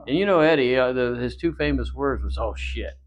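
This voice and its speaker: Briskly and at medium pitch, a male guest works through long, rambling stories from his wrestling career. He uses many fillers and acts out dialogue in this storytelling interview, recorded on dull lo-fi audio.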